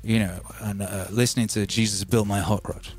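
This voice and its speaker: A man's voice: fairly low pitch, steady tone, brisk. A man with a British accent hosting a music stream, telling stories in a rambling, casual way full of "you know". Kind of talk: casual storytelling.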